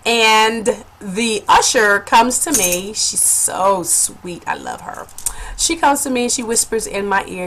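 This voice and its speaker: A woman vlogger telling a funny personal story in a casual, animated way, laughing and calling her viewers honey. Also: medium pitch, slow pace, slight background noise.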